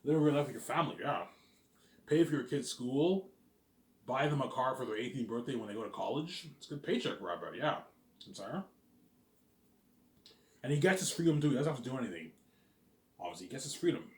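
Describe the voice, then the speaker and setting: A man rambling through a casual vlog, restarting sentences and dropping in fillers and curse words. His voice swings up and down with lively intonation. The room around him is roomy and echoing. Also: medium pitch, a little fast, pauses often. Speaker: vlogger.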